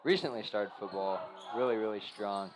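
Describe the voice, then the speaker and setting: A man's voice: lowish voice, normal speed. A young man giving rambling color commentary with many fillers at a school basketball game. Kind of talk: local sports commentary.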